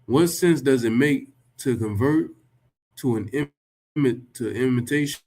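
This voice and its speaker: A religious commentator reads a written text aloud and rebuts it, speaking emphatically, swearing freely and firing off rhetorical questions. His voice is medium-pitched, unhurried and mellow.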